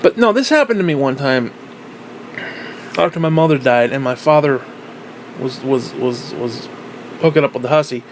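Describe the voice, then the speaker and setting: A man's voice: medium pitch, expressive, normal speed, long pauses, a little hiss or hum, poor audio. A man rambling through a casual vlog monologue, swearing freely and circling back with lots of fillers and restarts. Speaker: vlogger.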